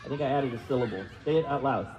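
A man's voice: medium pitch, racing, a crowd in the background. A man preaching a sermon in a chatty, self-deprecating way, asking the congregation to repeat words. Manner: conversational, self-deprecating, asks the room questions. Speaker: pastor. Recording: reverberant hall, dull lo-fi sound.

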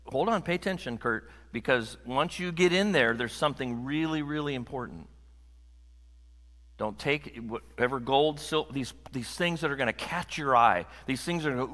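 A man preaching a sermon to a congregation in a conversational, animated way, joking with the room. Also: mid-range voice. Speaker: pastor. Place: church sanctuary. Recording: long hall reverb.

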